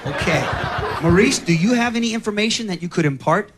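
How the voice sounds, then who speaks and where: A man hosting a television game show, teasing contestants in quick banter before a studio audience. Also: high voice, lively intonation. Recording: loud studio audience and noise.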